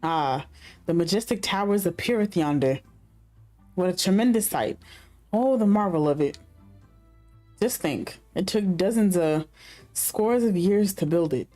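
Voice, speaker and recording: A woman's voice: on the low side, expressive, unhurried, long pauses, dark tone, soft background music. A woman voicing a pompous grown man who cosplays as a knight, speaking in grand mock-archaic phrases as she reads game dialogue aloud. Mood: awed.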